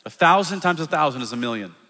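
A male pastor preaching an energetic, animated sermon, acting out quotes as he goes. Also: fairly high pitch, quick pace. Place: church sanctuary. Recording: long church reverb.

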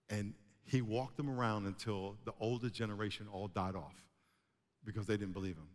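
A man preaching a sermon to a congregation, animated, with emphatic rising bursts. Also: lowish voice, moderate pace. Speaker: pastor. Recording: long hall reverb.

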